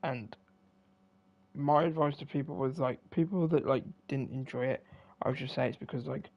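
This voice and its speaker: A man's voice: medium pitch, moderate pace, lo-fi sound. A young man, tired and yawning, rambling casually with many fillers while he streams a game. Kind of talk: casual commentary while playing.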